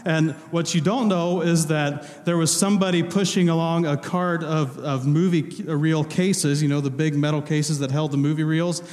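A man's voice: fairly high pitch, fairly even intonation, moderate pace, hardly any pauses, darkish tone. A male pastor talking casually from the pulpit, joking with the congregation while quizzing them on movie quotes. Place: large church hall. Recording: long hall reverb.

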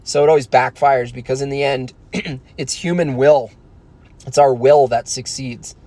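A man's voice: mid-range voice, steady tone, unhurried, mellow, dry recording. Profane, rambling man ranting to camera. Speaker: vlogger. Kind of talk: casual ranting monologue.

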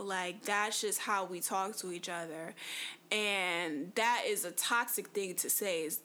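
Chatty bright-voiced woman vlogger. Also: medium pitch. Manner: chatty and frank, many fillers like "like" and "um". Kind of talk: casual personal monologue.

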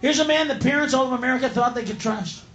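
A man doing a profane, rowdy live stand-up routine, yelling his punchlines. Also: very high-pitched, fast, muffled recording, slight background noise. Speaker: stand-up comedian. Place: comedy club stage. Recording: echoey live club, loud crowd.

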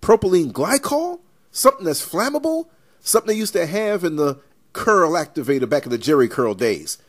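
Animated New man, fairly high voice. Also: a little fast. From New York. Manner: animated storyteller, emphatic and rambling. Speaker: podcast host. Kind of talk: casual podcast chat.

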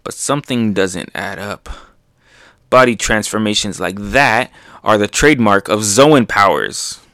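A man voicing a huge, exhausted pirate emperor while reading a comic aloud in a plain, low-key voice. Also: unhurried, bright, forceful tone, no room sound, clean studio sound. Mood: puzzled. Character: giant worn-out male pirate emperor, gruff.

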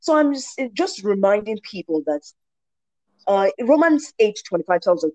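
A Nigerian woman in her forties, appearing as a guest, shares her faith testimony with animated storytelling, acting out the voices of the people involved. Her pitch is medium, her speed normal, and there's no room sound.

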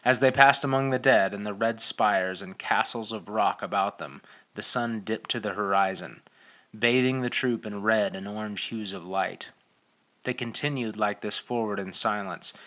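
A man reading an audiobook in steady, measured scripted narration. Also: fairly low pitch.

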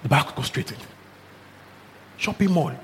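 High-voiced preacher in a reverberant hall. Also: male voice, a little slow. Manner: animated storyteller who chuckles and mixes in local exclamations. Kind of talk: sermon with lively storytelling. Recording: long hall reverb, faint background noise.

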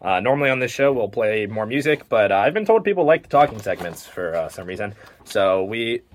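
A man's voice: fairly low pitch, animated, fairly quick, a little hiss or hum. A young man hosting a college radio show, telling rambling stories full of fillers in a casual chat from a studio mic. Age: young adult. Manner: rambling, filler-heavy storytelling.

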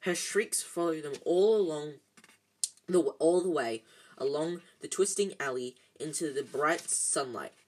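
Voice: medium pitch, unhurried, a little mellow, a little hiss or hum, rough recording. A reader narrating a storybook in an amateur audiobook style, often stumbling and correcting themselves.

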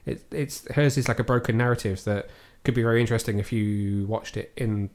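A man's voice: lowish voice, a little fast, a little mellow. A man hosting a casual film review podcast from home, thoughtful and a little hesitant as he weighs his opinions. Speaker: podcast host. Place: at home, cat on the desk.

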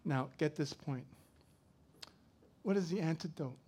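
A middle-aged man preaching a sermon, swinging from loud to soft as he tells a story. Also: fairly high pitch, measured pace, husky. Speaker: pastor.

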